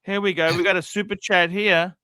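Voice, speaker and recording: High-voiced blunt man. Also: little pitch movement, a little fast, sharp tone, smooth, dry recording. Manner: blunt and profane, reads out super chats. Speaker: livestream host. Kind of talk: casual livestream chat.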